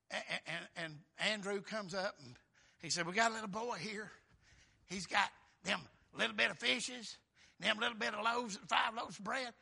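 A man preaching, his voice pitched high and bright. He talks in a folksy, exclamatory way, keeps calling out for amens, and pushes his voice hard. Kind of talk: sermon.

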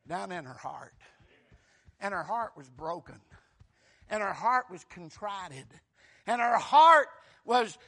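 A man, preaching a fervent sermon that keeps bursting into shouts. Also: sits high.

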